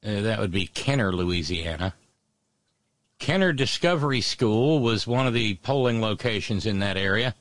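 A man hosting solo political commentary, sardonic and halting, often restarting his words. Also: fairly low pitch, lively intonation, fairly bright tone, no room sound.

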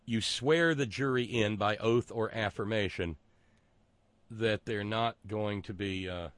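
A man with a lowish voice holds forth in a loose monologue, trailing off and restarting as he goes. His sarcasm is dry, and the recording sits close and dry, with no room around it. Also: fairly bright tone, dry recording. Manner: sarcastic, digressive, with halting restarts. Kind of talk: casual monologue.

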